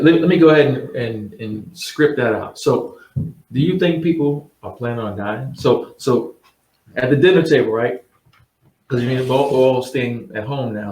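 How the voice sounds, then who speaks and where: Blunt, mocking male host. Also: mid-range voice. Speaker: host giving insurance advice. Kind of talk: casual talk to camera. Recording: roomy sound, mic at a distance.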